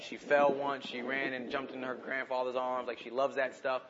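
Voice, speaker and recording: A man preaching a sermon, moving between urgent, passionate pleas and quiet, reflective asides. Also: mid-range voice, flat delivery, moderate pace, muffled recording, background noise. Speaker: pastor.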